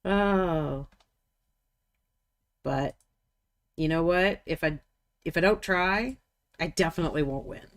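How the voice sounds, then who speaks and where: A woman's voice: low voice, moderate pace, pauses often, fairly bright tone. A woman hosting a live miniature painting stream, chatting casually and thinking aloud as she works. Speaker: livestream painting host. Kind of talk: casual livestream chat while painting.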